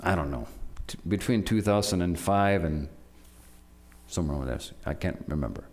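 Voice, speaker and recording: A man from Norway preaching a sermon, urging his listeners with animated delivery and frequent restarts. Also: low voice, normal speed.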